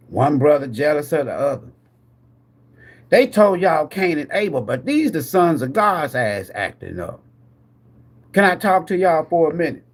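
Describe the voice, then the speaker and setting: A man hosting a live tarot stream, ranting like a preacher with lots of swearing. He laughs often, asks his viewers questions, and swings between loud bursts and muttered asides. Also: fairly high pitch. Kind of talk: profane preacher-style rant.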